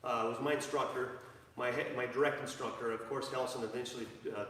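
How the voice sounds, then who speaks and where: A man's voice: mid-range voice, fairly even intonation, a little fast, fairly bright tone, a little hiss or hum. A man teaching a jiu-jitsu class live, rambling with many fillers and restarts, recorded in an echoey training gym from a distance. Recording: echoey hall, from far off.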